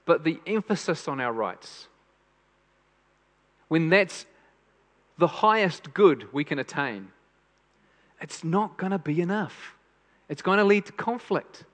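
A man's voice: on the high side, animated, takes it slowly, long pauses, fairly bright tone. A man preaching a sermon in an earnest way, repeating phrases for emphasis. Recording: long hall reverb.

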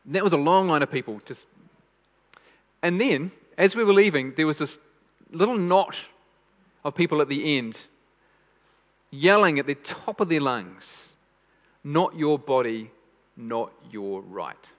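A man's voice: on the high side, expressive, normal speed, long pauses. A man preaching a sermon in an earnest way, repeating phrases for emphasis. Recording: long hall reverb.

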